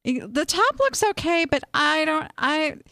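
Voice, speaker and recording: This live-stream host has a high, creaky voice and takes things slowly; the sound is dry and clean, studio grade. She reviews online sales listings and offers frank advice, chatty and animated with lots of restarts.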